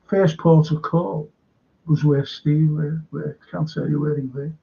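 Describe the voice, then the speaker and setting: This livestream host's higher-pitched voice is gravelly and steady, and he takes his time. He's spinning a rambling, casual story and cursing liberally, over muffled, low-fidelity stream sound.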